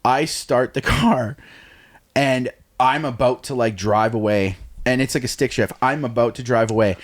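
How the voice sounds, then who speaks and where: A man's voice: medium pitch, normal speed. A young man hosting a podcast, telling a story in a loose, rambling way with lots of fillers and swearing. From Canada. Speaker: podcast host. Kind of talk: casual storytelling chat.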